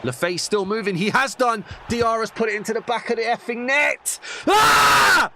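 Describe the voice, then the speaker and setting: A young man commentating on a football video game, veering between excited shouts at goals and muttered frustrated grumbling. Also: high voice, fairly quick, crowd noise, noisy background. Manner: animated, bursts into shouts at goals. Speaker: gaming YouTuber. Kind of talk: gameplay commentary.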